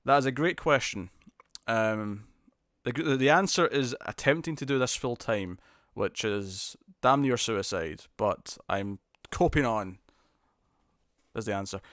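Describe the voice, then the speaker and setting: A man's voice: medium pitch, measured pace, a bit bright, dry recording. Rambling British man, dry close mic. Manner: rambling, hesitant, stammers and restarts, chuckles often. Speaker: live stream host. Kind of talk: casual chat reading viewer comments.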